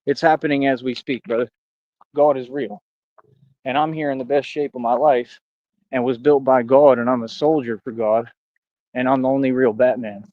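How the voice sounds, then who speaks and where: A man's voice: medium pitch, steady tone, normal speed, no room sound, narrow, tinny audio. A man in a rambling livestream rant, boastful and combative, talking straight at his critics. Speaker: streamer.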